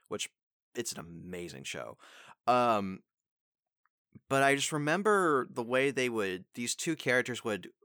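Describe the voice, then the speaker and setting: Voice actor guy chatting, bright ringing voice, dry close mic. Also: mid-range voice, dry recording. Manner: loose, rambling advice with fillers and acted line readings. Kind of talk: casual chat.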